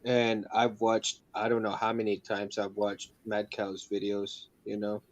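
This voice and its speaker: A man's voice: lowish voice, monotone, a little slow. Earnest man on a dull line. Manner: earnest, admiring, talks in fillers. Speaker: guest. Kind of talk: casual chat.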